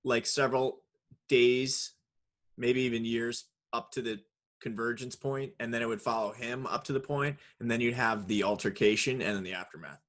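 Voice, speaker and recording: A man's voice: medium pitch, steady tone, moderate pace, fairly bright tone. A man co-hosting a podcast in casual chat, joking and riffing. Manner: joking, riffs in silly put-on voices. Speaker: podcast co-host.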